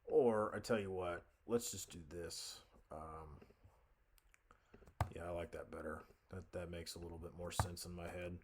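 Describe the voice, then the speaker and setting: A man with a deep, low voice talks through a composition tutorial at his desk mic. He thinks aloud, hesitating and correcting himself as he works. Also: fairly even intonation, a little slow, a little mellow, a little hiss or hum. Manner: thinking aloud, many fillers and self-corrections. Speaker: music composition instructor. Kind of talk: casual screen-recorded tutorial narration.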